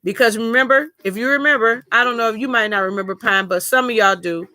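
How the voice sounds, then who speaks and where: A woman's voice: a little high, fast talker, bright, forceful tone, dry recording. A middle-aged woman chatting casually with viewers during a live stream, telling a long personal story in a talkative, colloquial way.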